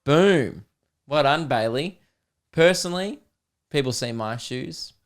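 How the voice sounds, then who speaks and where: A man's voice: mid-range voice, lively intonation, unhurried. Joking Australian man hosting a podcast. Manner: joking, sarcastic, reads listener messages aloud. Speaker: podcast host. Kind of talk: casual comedy podcast chat.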